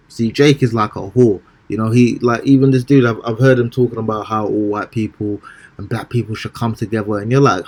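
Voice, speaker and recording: A man reading scripture slowly and commenting on it in a casual, preachy way, often stumbling and repeating words. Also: on the low side, level tone, a little mellow. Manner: slow, measured scripture reading. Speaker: street preacher.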